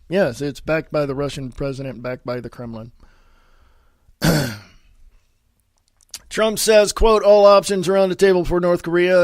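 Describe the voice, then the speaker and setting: A man hosting a solo political podcast, reading news headlines aloud with sarcastic asides and repeating himself, often coughing and clearing his throat. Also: a little high, a little mellow, no echo, studio quality. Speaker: podcast host.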